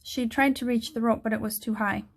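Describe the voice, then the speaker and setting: A woman narrating a children's book aloud in a steady storytelling manner. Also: a little high, fairly quick.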